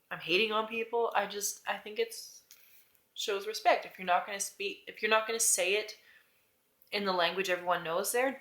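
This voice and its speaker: A young woman's bright voice, set slightly low, rambles through a casual rant straight to camera. She hesitates, keeps second-guessing herself and trails off with soft laughs. The room around her gives the voice a noticeable echo. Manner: chatty, rambling, hesitant with frequent "I don't know" and laughs. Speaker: vlogger.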